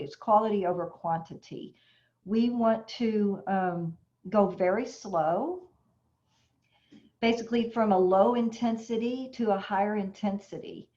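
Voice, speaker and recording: A woman's voice: medium pitch, warm tone. A woman dog trainer teaching an online puppy class in a chatty way, explaining with everyday examples. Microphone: video call. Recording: dull lo-fi video call audio.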